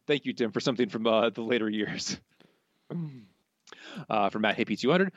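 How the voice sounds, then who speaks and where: A man's voice: medium pitch, very animated, slow, pauses often, dry recording, dull audio. A man co-hosting a podcast, reading listener quotes in casual chat, amused and often laughing. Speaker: podcast co-host.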